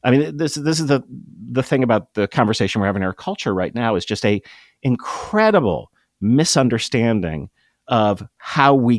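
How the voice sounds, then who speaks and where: A middle-aged man explains his ideas as an interview guest, speaking with emphatic enthusiasm that often tumbles into quick restarts. His voice sits on the low side. The sound is dry and close, with no room echo. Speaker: guest, improv comedy producer. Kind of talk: conversational interview.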